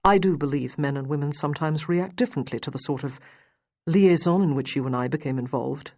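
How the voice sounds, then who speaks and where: Woman narrator voicing a mocking aristocratic gentleman, dry, low-voiced, storybook. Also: brisk. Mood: measured. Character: proud, teasing male aristocrat in Regency England.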